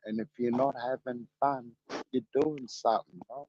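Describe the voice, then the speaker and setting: A man chiming in quietly and agreeably on a casual talk show. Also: fairly even intonation, normal speed, a little hiss or hum. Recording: dull low-fidelity sound.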